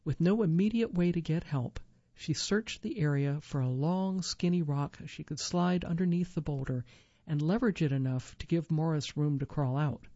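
A woman reading a magazine article aloud for a reading service, in a clear, even, measured way. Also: low voice, no room sound, lo-fi sound. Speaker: volunteer reader for a reading service. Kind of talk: scripted narration of magazine article.

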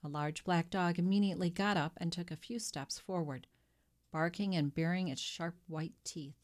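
A woman reads a classic novel aloud as an audiobook narrator. Her voice is on the low side, and she tells the story at a measured, expressive pace.

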